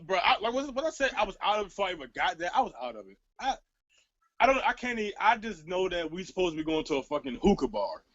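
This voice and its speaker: Animated high-voiced young man telling a story. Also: fast, no room sound, muffled recording. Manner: animated, profane, laughs through the story. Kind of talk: casual storytelling chat.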